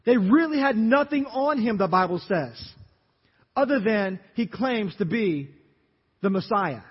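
A man preaching a sermon as pastor, telling the story dramatically and acting out the crowd's shouts. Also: high voice, expressive, measured pace, husky. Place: church sanctuary. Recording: dull reverberant church recording.

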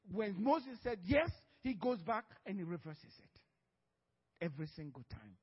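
A man's voice: high-pitched, sing-song, unhurried, breathy edge, big-room sound, dull audio. A man preaching a sermon as pastor, telling a story with frequent laughter and acted-out dialogue.

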